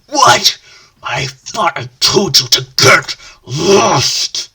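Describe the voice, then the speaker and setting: A woman reading aloud from her own old story, voicing angry villains and monster guards with loud shouted lines and a raspy voice. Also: rumbling low, slow, heavily acted. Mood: angry shouting.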